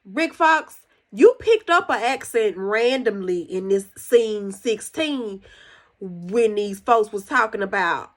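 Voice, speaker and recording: A woman's voice: animated, slow. A woman hosting a podcast, chatting casually as she reviews a TV episode and gives her opinions. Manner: chatty and conversational, recounting scenes with opinions; jumps higher when acting out quoted characters. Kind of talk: casual solo review chat.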